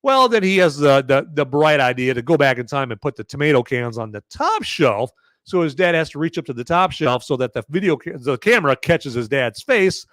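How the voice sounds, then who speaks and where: A man hosts a casual live movie review, with a voice a touch higher than most. He rambles sarcastically and keeps checking in with "okay?" and "right?". The sound is dry and close to the mic. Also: animated, fairly quick, fairly bright tone, no echo. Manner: chatty, sarcastic, lots of fillers and "okay?". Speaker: podcast host reviewing a movie.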